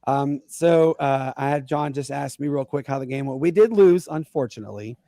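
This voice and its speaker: A man hosting a casual sports podcast over a video call, telling stories excitedly with big swings in loudness. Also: mid-range voice, moderate pace, dry recording. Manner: excitable, storytelling, rising and falling loudly. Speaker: podcast host and youth basketball coach.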